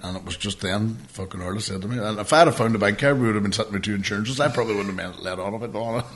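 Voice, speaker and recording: A man's voice: on the low side, racing. A man co-hosting a podcast, telling a long story in casual chat, swearing and laughing as he goes. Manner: swearing, laughing, animated anecdote. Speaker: podcast co-host.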